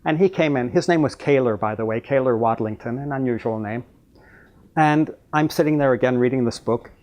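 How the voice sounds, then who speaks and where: A man, a monk, telling a personal story in a reflective, unhurried way with pauses. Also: medium pitch, darkish tone. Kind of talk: storytelling talk.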